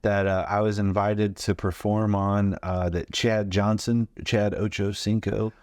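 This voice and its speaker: A man's voice: fairly low pitch, a little slow, dry recording, clean studio sound. A man in his forties, a comedian guest, telling stories animatedly and acting out the quotes, with plenty of fillers. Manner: animated anecdotes, acts out quotes, lots of fillers. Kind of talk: storytelling interview.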